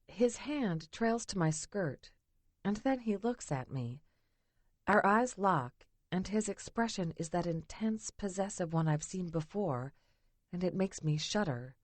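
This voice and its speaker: A woman reading a first-person romance audiobook in an intimate, breathy way. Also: lowish voice, a little mellow, no room sound. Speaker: audiobook narrator.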